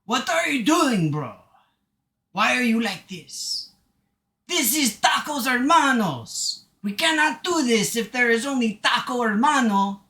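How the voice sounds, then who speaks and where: Guy doing a big hammy put-on accent, bright and bouncy, echoey room. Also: extremely high pitch, expressive, measured pace, voice pushed up, exaggerated voice. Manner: hammy, exaggerated. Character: man putting on a broad comic accent.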